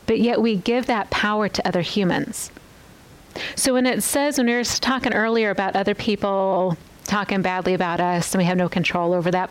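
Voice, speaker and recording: A woman's voice: medium pitch, rough recording. A woman giving an earnest Bible teaching on a podcast, often asking the listener questions.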